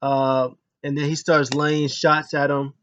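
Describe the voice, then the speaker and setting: A man's voice: a little high, flat delivery, unhurried, fairly bright tone, highs cut off, slight background noise. A man recaps a wrestling match play by play in a loose, unscripted way. He rambles and restarts his sentences. Uh fillers pepper his talk. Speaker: wrestling show reviewer.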